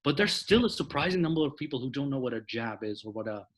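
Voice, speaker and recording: A man in casual podcast chat, rambling with lots of fillers and restarts, voice a bit husky. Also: mid-range voice, lively intonation, fast.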